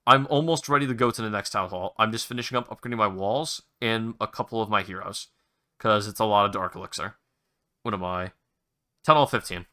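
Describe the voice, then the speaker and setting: Young male solo podcast host, bright tone, loose rambling delivery, casual swearing. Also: on the low side, fairly quick. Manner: rambling, restarts, mild swearing, enthusiastic recommendations.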